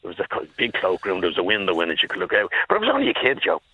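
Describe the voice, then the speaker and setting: Man, 60s, Dublin accent, husky, lively up-and-down delivery, tinny phone line. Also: sits low, racing, no room sound. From Dublin, Ireland. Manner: emphatic, keeps addressing the host by name. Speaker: caller. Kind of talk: phone-in storytelling.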